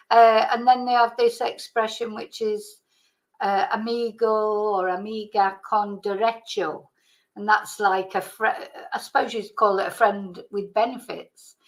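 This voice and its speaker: A woman in casual chat, explaining with relaxed asides while her voice is going hoarse. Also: mid-range voice, low-quality recording.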